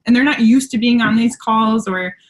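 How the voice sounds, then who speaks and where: A woman's voice: on the high side, moderate pace, a little hiss or hum, low-quality recording. A woman with an Upper Michigan accent hosting a live team training call over video from her home, chatty and upbeat and often laughing at herself. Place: at home by a window. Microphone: computer on a video call.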